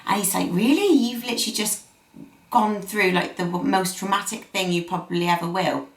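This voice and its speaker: A woman's voice: medium pitch, a little fast. A young woman vlogger telling a personal story to camera, gushing and repeating words for emphasis. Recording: echoey room.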